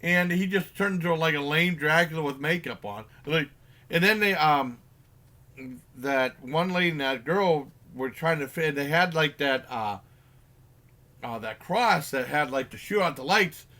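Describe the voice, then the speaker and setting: A man with a sharp, higher-pitched voice chats casually about a film, rambling with plenty of fillers and restarts. In quick bursts, he acts out what the characters say.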